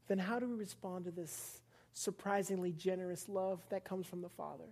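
A woman's voice: fairly low pitch, steady tone, normal speed, warm tone. A young woman giving a casual, playful sermon to a live congregation, chatting with them, laughing often and acting out little scenes. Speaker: preacher. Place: church service before a live congregation.

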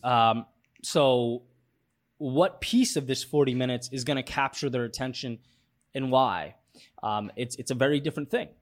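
A man's voice: medium pitch, moderate pace. Thoughtful man talking it through. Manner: thoughtful, with many fillers and restarts. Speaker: podcast guest. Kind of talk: casual interview talk.

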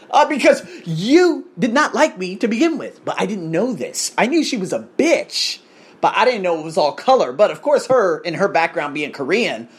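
An American man from the United States hosts a podcast, telling a story in a crude, emphatic, ranting way. His voice is high-pitched and husky, and the talk is casual storytelling.

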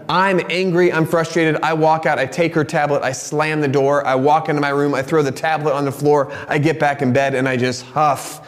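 A man in his thirties, a pastor preaching a sermon through a personal story, candid and animated, sometimes turning soft and confessional. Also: on the high side, moderate pace, hardly any pauses. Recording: long reverb of a large hall.

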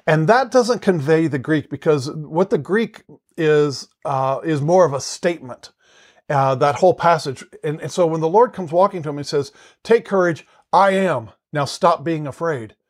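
A man's voice: fairly high pitch, normal speed, a little mellow. A man teaching the Bible in an earnest, conversational way, often restarting and repeating words as he explains.

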